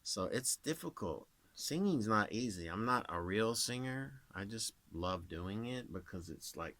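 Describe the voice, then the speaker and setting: A man's voice: fairly low pitch, expressive, measured pace, few pauses, a bit bright. A man in his thirties who works as a voice actor, rambling casually to camera and demonstrating voices as he explains.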